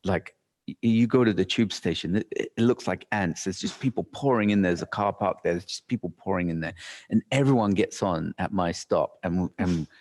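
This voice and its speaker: Guy telling a story at a live talk, lowish voice, acts out his thoughts, lots of restarts. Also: normal speed, a little mellow. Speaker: workshop speaker.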